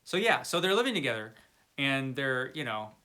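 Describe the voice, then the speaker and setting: Man, middle pitch, bright tone, rambling casual video chat with wry asides. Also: very animated, moderate pace. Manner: chatty, rambling, frequent fillers and restarts; wry, enthusiastic about pulp fiction. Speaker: book reviewer.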